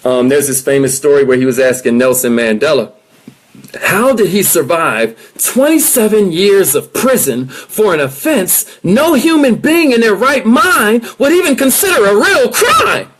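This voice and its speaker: A man giving an energetic motivational talk, coaching his listeners directly and with emphasis. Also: sits high, unhurried. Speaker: motivational speaker.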